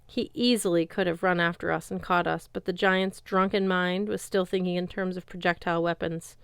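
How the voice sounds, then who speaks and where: A woman reading a fantasy novel aloud as an audiobook narrator, in a lively storytelling way. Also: on the low side, a little fast, creaky, clear, resonant tone, no echo, studio quality. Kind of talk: scripted narration.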